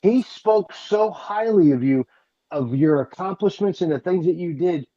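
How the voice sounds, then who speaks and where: A man's voice: sits high, normal speed, dark tone, lo-fi sound. A man giving an earnest, emphatic tribute in casual conversation, circling back to the same phrases. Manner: earnest, emphatic, speaks in short repeated phrases.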